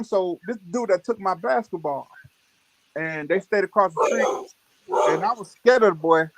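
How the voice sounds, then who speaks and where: Animated high-voiced man telling stories. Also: measured pace, a little hiss or hum. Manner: animated, laughing storyteller with Southern US slang. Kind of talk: casual storytelling chat.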